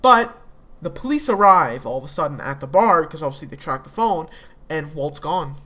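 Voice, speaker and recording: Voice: medium pitch, lively intonation, normal speed, bright, forceful tone. Rambling casual TV recap speaker. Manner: rambling, with many fillers and restarts. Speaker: TV episode reviewer.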